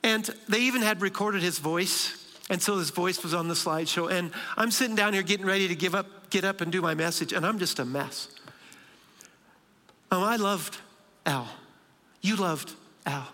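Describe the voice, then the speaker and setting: A man preaching a sermon in a church, moving between soft, slow lines and emphatic bursts. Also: high-pitched. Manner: dramatic pauses, shifting between soft and emphatic. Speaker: pastor. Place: large church sanctuary. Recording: long hall reverb.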